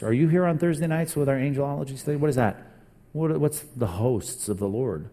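A man preaching a sermon as a pastor, retelling a story with lively acted-out dialogue and casual asides. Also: medium pitch, brisk. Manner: animated storytelling, acting out dialogue. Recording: long hall reverb.

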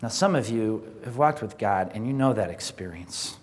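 Preacher in a reverberant church hall. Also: male voice, fairly low pitch, moderate pace. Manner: animated storytelling, acting out the people in the text. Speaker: pastor. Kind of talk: sermon.

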